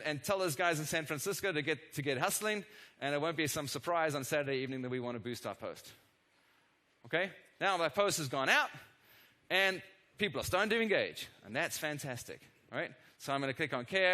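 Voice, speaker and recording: A middle-aged man giving a live product demo keynote on a conference stage, energetic and constantly checking in with the audience through quick tag questions and self-deprecating asides. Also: on the high side. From not from the United States. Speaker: conference presenter.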